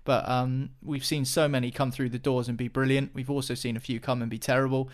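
A man's voice: medium pitch, level tone, fairly quick. A man talking football as a podcast pundit, chatty, with many restarts and fillers. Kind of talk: casual football chat.

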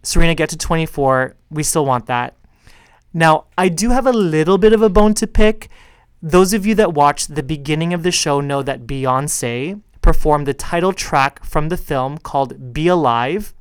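Sassy smooth-voiced male podcast host. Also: on the high side, expressive, moderate pace, no room sound. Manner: sassy, chatty, calls listeners girl. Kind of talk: casual solo tennis podcast chat.

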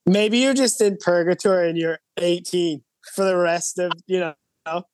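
A man's voice: high voice, fairly even intonation, a little slow, no echo. A man, a guest musician, chatting casually on a podcast, rambling and full of "like" and "you know". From Canada.

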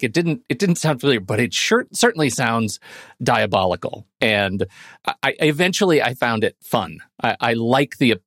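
Podcast co-host, male, halting and thoughtful, dry mic. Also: mid-range voice, a bit bright, dry recording. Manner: halting, many restarts. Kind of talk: casual film discussion.

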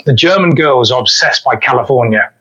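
A man's voice: mid-range voice, expressive, brisk, bright, forceful tone, husky. A middle-aged man telling self-deprecating stories as an interview guest, easygoing and anecdotal. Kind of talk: storytelling in an interview. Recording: dull lo-fi line.

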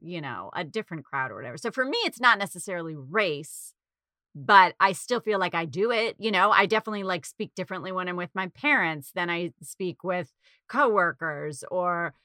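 A woman's voice: fairly low pitch, expressive, brisk, pushed and bright, no echo, clean studio sound. A woman talking casually in a loose, chatty way, with lots of fillers and restarts. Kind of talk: casual chat.

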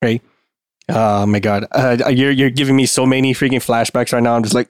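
A man's voice: medium pitch, level tone, fairly quick, clean tone, no room sound, studio quality. A man co-hosting a casual podcast, agreeing and adding his own view. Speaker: podcast co-host. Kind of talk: casual chat.

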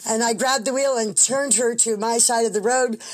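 At a moderate pace and fairly high pitch, a woman being interviewed tells her own story in casual terms. She's animated, blunt, and swears freely, performing the dialogue of the people involved.

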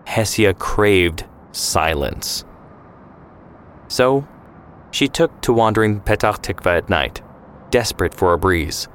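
Male narrator, very low pitch, calm scripted storytelling. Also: slight background noise.

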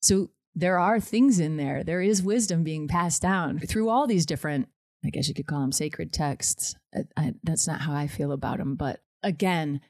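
A woman's voice: deep voice, moderate pace, darkish tone, no echo, studio quality. A woman guest on a podcast talking candidly and emotionally in casual conversation. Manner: candid, emotional, laughs easily.

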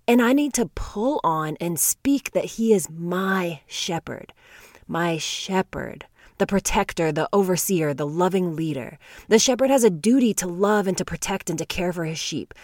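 Earnest woman doing a devotional bible talk, kinda low voice, dead dry recording, leans hard on words. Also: a little mellow, no echo. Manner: earnest, emphatic, drawing out key words with laughter. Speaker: Bible teacher. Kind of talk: devotional teaching to viewers.

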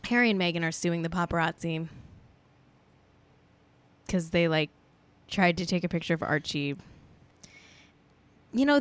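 Woman, podcast co-host, celebrity gossip, rambling with fillers, mid pitch. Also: clear, resonant tone, dry recording. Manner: chatty, rambling, lots of "like" fillers. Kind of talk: casual celebrity gossip chat.

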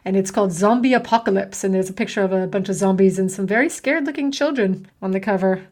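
A woman hosting a podcast in casual chat, playful and quick to laugh. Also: mid-range voice, a little mellow. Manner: giggly, playful. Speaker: podcast host.

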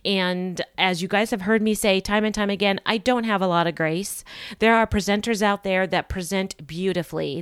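A woman's voice: fairly low pitch, clear, resonant tone, no room sound, studio quality. Blunt, candid woman podcast host. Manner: candid, in-your-face, sarcastic; rambling with frequent ums and restarts. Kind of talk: solo podcast monologue.

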